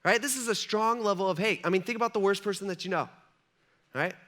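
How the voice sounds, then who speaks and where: A man pastor giving a casual, conversational sermon in a church, telling the story with animated energy. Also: sits high, fast talker. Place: church sanctuary.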